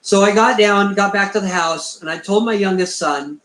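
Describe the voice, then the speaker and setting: This interview guest, a middle-aged Bigfoot researcher, has a high-pitched, slightly bright voice and talks fairly quickly with few pauses. Recorded in an echoey room, he tells a meandering story and acts out the lines he quotes.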